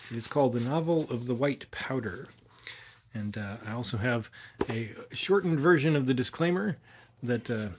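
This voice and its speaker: A man with a husky, slightly breathy voice reads a horror story aloud. His pitch sits in an ordinary middle range. His delivery stays friendly and informal. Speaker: storyteller, host of a reading channel.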